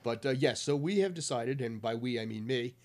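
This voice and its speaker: A man's voice: mid-range voice, a little fast, a little mellow. A man chatting as a guest on a casual podcast, playful and wry.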